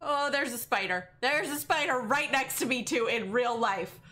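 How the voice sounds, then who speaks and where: A woman's voice: on the high side, moderate pace, bright, forceful tone. A woman streamer playing a horror game, jumpy and nervous, gasping, shrieking and giggling at the scares. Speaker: gaming streamer. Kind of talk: let's play commentary.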